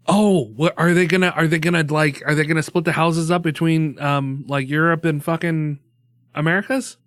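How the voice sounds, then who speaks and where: A man's voice: a little high, steady tone, normal speed, a bit bright, no echo, clean studio sound. A laid-back man co-hosting a gaming podcast, chatting casually and swearing freely. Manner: laid-back, swears often, laughs easily. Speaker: podcast co-host. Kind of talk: casual chat.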